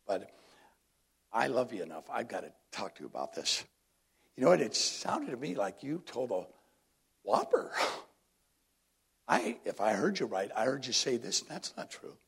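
A middle-aged male pastor preaching a sermon, swinging between loud emphatic lines and hushed ones. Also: mid-range voice, husky.

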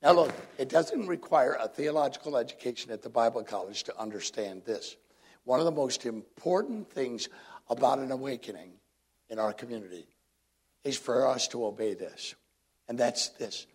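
A middle-aged male pastor preaching a sermon, swinging between loud emphatic lines and hushed ones. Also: mid-range voice, lively intonation, moderate pace, breathy edge.

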